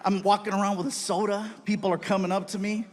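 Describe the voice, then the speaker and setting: A man's voice: high voice, quick pace, slight background noise. A middle-aged man doing stand-up on a live stage, telling exaggerated stories and punchlines. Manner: animated, exaggerated storytelling with punchlines. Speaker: stand-up comedian.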